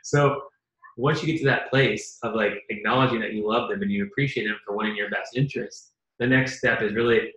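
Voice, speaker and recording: A man's voice: lowish voice, fairly even intonation, a little fast, fairly bright tone. A man co-hosting a casual advice chat, talking earnestly and acting out bits of dialogue. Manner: earnest, acts out quoted dialogue. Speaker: co-host. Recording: echoey room.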